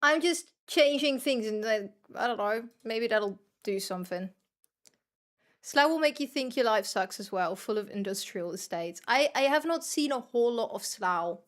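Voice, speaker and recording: A young streamer from the Netherlands narrates her gameplay in a fairly high, expressive voice at a moderate pace. She chats away to viewers casually, swearing freely, self-deprecating and rambling.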